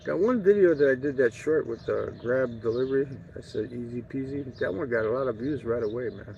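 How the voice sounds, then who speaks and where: A man's voice: medium pitch, brisk, creaky, a little mellow. A man talking in a casual, rambling travel vlog, joking and swearing freely as he goes. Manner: profane, joking, digressive. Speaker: travel vlogger. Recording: dull lo-fi audio with faint outdoor noise.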